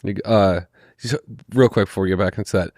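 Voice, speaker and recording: Low-voiced deadpan man, swears a lot. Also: fast talker, no room sound, clean studio sound. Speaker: podcast host. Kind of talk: casual chat.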